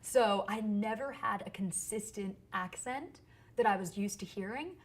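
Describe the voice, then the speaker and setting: A woman singer-songwriter chatting as an interview guest, lively and quick to laugh, recorded in a theater. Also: medium pitch. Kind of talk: casual interview chat. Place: theater stage.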